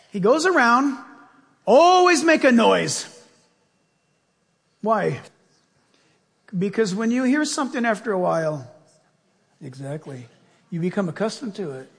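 A male pastor delivers a lively sermon, acting out little voices in his stories. His voice sits high and leaps around in pitch. It carries a husky grain and rings with the long reverb of a large hall. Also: slow, long pauses. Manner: animated storytelling with acted-out voices.

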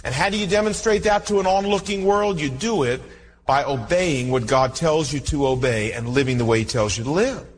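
High-voiced preacher in a reverberant hall. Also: male voice, brisk. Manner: animated storytelling, acts out dialogue. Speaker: pastor. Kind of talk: sermon.

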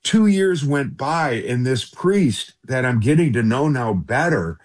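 A middle-aged man with a husky, slightly rough voice recounts a personal story as a radio interview guest. He speaks earnestly and keeps turning to the host by name as he goes. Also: mid-range voice, animated, a little slow.

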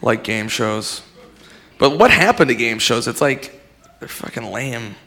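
A man doing a stand-up set, animated and given to shouting. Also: medium pitch, a little slow. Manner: animated, yelling impressions. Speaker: stand-up comedian.

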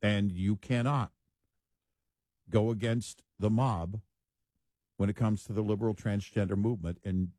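A man co-hosting a talk show, speaking in a measured, deliberate way. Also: on the low side, steady tone, mellow, dry recording. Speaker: co-host. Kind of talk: casual talk show commentary.

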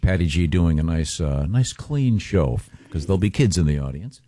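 A man's voice: low-pitched, expressive, normal speed, mellow. A man hosting a casual radio morning show, jokey and a bit stumbling in his talk. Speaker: radio host.

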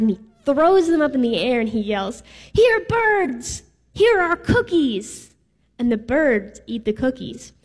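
A woman's voice: a little high, a little mellow. A woman preaching a sermon in a casual, playful way with some filler words. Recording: reverberant hall.

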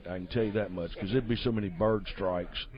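A man's voice: lowish voice, fairly even intonation, brisk. A man, telling a hunting trip story as a guest in an easygoing, rambling way. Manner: easygoing, rambling, laughs often. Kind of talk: casual storytelling. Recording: dull lo-fi audio.

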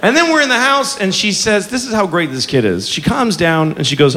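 Middle aged guy doing standup, high voice, bouncy and all over the place, swears a lot, big crowd laughing. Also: fairly quick, big-room sound. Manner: animated storytelling, swearing, acting out voices. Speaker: stand-up comedian. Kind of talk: stand-up comedy routine. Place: comedy club stage. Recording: live club with laughing audience.

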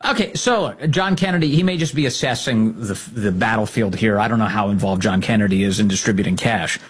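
A man's voice: lowish voice, a little fast, breathy edge. A man giving sarcastic, mocking political commentary as a host.

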